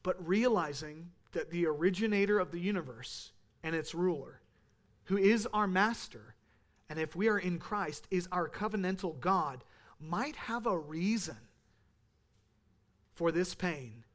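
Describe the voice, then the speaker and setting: High-voiced earnest man preaching. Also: measured pace. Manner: earnest, building to emphatic peaks then dropping soft. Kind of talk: sermon.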